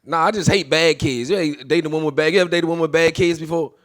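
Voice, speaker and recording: A man's voice: fairly high pitch, steady tone, rapid-fire. A man in his thirties doing a stand-up comedy set, brash and swearing, acting out the people in his stories.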